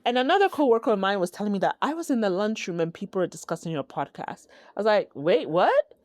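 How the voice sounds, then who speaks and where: A woman from Ghana hosting her own podcast, talking in a slow, heartfelt, reflective way. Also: mid-range voice, animated, a little mellow, dry recording. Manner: slow, heartfelt, with sighs and laughs. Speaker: podcast host. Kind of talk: reflective solo podcast talk.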